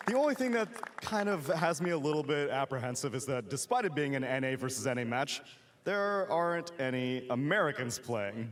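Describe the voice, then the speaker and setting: A man hosting an esports panel, joking with the crowd and leading chants. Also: on the high side. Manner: jokey, leads chants, shouts to crowd. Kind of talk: live crowd hype.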